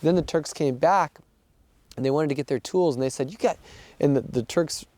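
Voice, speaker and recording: In a dry recording, a missionary aid worker speaks in a slightly high, somewhat mellow voice at a moderate pace. He earnestly gives a casual account of events and acts out what people said.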